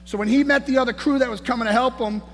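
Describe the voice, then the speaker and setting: A man giving a hyped-up motivational speech as a conference speaker on stage, shouting and peppering his lines with "man" and "baby". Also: very high-pitched, fairly even intonation, quick pace. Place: large conference hall on stage. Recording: echoey hall, faint noise.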